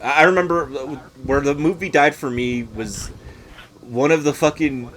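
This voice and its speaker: A man's voice: mid-range voice, unhurried, fairly bright tone, a little hiss or hum. A young man co-hosting a podcast, ranting in casual crude banter and mocking people with put-on quotes. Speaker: podcast co-host.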